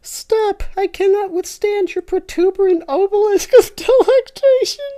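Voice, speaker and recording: A woman voicing a whiny male cartoon creature who screeches loudly in a shrill voice. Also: a little slow. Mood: screeching.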